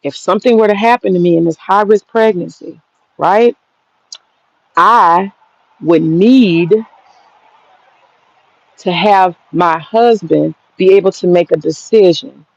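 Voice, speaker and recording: A woman's voice: fairly low pitch, takes it slowly, vocal fry, pauses often, no room sound. A woman in her thirties, ranting casually and profanely, answering a critic head-on in a combative way. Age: 30s. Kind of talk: heated casual rant. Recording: dull lo-fi sound.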